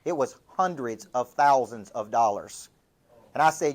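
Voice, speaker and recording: A little slow and animated, his mid-range voice carries a motivational business coaching talk in a Southern Tennessee accent. Stories and rhetorical questions fill it, told in a punchy way.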